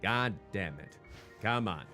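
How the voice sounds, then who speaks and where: A man with a lowish voice takes it slowly, yet his intonation is lively and his tone pushed and bright. He's streaming a game in a put-on hardboiled noir detective voice, chatting with viewers and naming them as faint music plays.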